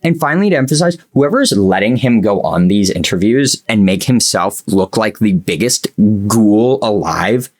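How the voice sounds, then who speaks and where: A young man ranting as a YouTube commentator, sarcastic and exasperated, swinging between loud outbursts and low mutters. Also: expressive, normal speed. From United States.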